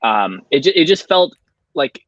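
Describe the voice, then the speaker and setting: A relaxed man hosting a casual book discussion on a video call and guiding the talk. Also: mid-range voice, unhurried, dry recording, lo-fi sound. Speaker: host.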